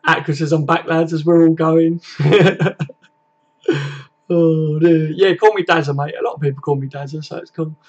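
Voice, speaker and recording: A man's voice: a little high, fairly even intonation, normal speed, highs cut off. A young man hosting a casual live stream from his home computer setup, chatty and matey and swearing freely. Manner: chatty and matey, swears often, reads chat aloud. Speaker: livestream host.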